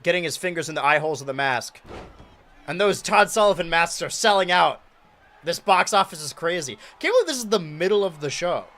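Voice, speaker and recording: Young male streamer, lively bright voice, hypes and shouts over a wrestling game, then mutters low. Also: a little fast. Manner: animated, shouts and pleads at big moments, mutters while counting. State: out of breath. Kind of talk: excitable play-by-play commentary.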